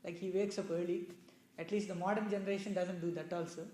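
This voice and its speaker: A man's voice: sits high, steady tone, quick pace, warm tone. A man giving a loose, conversational talk on scripture to a small audience, explaining with many asides and checking that listeners follow. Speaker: religious storyteller. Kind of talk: conversational scripture discourse with questions. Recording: echoey room.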